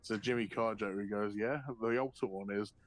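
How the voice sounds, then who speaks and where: A man's voice: fairly low pitch, brisk, rough recording. A man, a guest on a live stream, casually telling a story, swearing freely and acting out what people said. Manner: animated and sweary, acting out quotes and laughing often.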